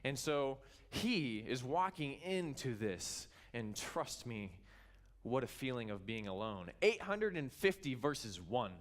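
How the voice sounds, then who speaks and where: A man from Kansas preaches to his congregation in an animated storytelling way. His voice sits at an ordinary middle pitch, and he acts out the people in the tale as he goes. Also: a little slow. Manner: animated storytelling, acting out the characters. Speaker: pastor. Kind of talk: sermon. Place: church.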